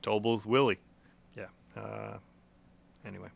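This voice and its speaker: A man's voice: on the low side, steady tone, a little slow, creaky, breathy edge. A young man co-hosting a podcast in casual chat, joking, laughing often and stumbling over repeated words. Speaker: podcast co-host.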